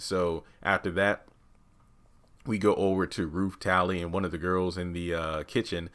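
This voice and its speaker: A man's voice: deep voice, steady tone, normal speed, a bit bright. A man casually recapping a TV episode, chatty and full of fillers, acting out the lines. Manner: chatty, uses many fillers, acts out quotes. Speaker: TV recap host.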